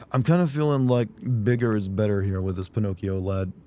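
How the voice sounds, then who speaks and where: A man with a hoarse, sick voice giving rambling, jokey commentary while streaming a game and chatting with viewers. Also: fairly low pitch, brisk, mellow. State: hoarse from a sore throat. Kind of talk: casual gameplay commentary.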